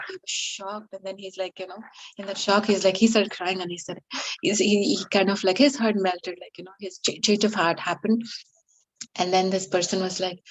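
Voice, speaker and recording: A woman's voice: medium pitch, steady tone, brisk. A woman participant telling a story in a rambling, hesitant way full of fillers. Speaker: session participant. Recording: noisy line with clicks.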